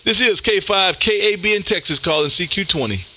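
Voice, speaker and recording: A man's voice: sits high, expressive, brisk, bright, forceful tone, dry recording, faint music behind. A man hosting a ham radio live stream, chatting in an upbeat, casual way and calling everyone "man". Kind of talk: casual on-air radio chat.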